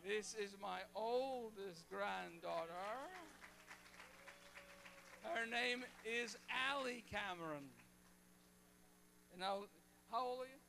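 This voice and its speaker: Older preacher with a high, gravelly voice. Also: male voice, slow, long pauses, bright, forceful tone, a little hiss or hum. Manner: joking, folksy storytelling. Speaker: pastor. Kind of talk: sermon. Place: church.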